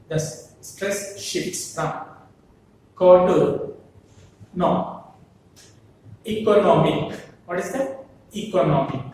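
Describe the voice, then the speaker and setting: A man gives a lecture slowly, pausing often and asking rhetorical questions. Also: sits high, a little mellow, very echoey, far from the mic, slight background noise, rough recording. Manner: slow, with frequent pauses and rhetorical questions. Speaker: English lecturer. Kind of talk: classroom lecture.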